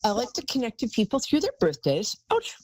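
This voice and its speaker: A woman's voice: on the high side, very animated, quick pace, a little mellow, slightly rough, no echo, rough recording. A woman hosting a live call-in psychic show, talking in a chatty, rambling way and calling callers darling.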